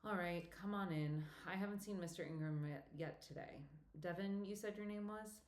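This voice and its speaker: A woman's voice: mid-range voice, moderate pace, darkish tone, pitched above the performer's own voice, natural voice. A woman narrator voicing a friendly, teasing older woman who works at a theater box office, with a faint Welsh accent. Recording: echoey room.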